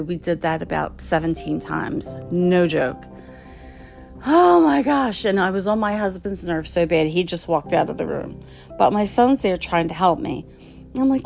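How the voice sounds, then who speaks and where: A woman's voice: mid-range voice, creaky. Middle-aged philly woman venting a long story, acts out everybody, exasperated, some faint music behind. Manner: animated, exasperated, acts out the dialogue. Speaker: podcast host. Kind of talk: casual storytelling.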